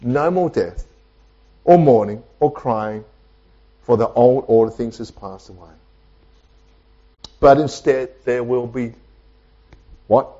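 A male pastor delivering a sermon in a church, preaching emphatically with repetition and dramatic pauses. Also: mid-range voice, mellow, highs cut off. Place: church with online Zoom audience.

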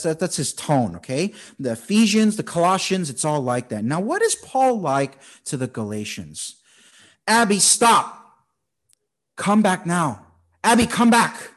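A man in his thirties preaching a conversational, animated sermon as a pastor, teaching through a Bible passage. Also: medium pitch.

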